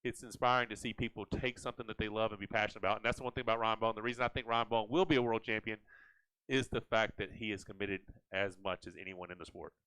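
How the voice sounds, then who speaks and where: Man, smooth clear voice, dry close sound, animated casual live chat, rambling. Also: on the low side, fast talker, no echo, low-quality recording. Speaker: host.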